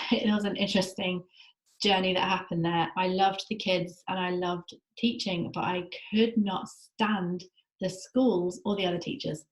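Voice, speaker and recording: A woman's voice: fairly low pitch, echoey room, low-quality recording. A woman from England hosting a faith podcast, talking in a chatty, enthusiastic and reflective way. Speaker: podcast host. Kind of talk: personal faith podcast monologue. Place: at home in Israel.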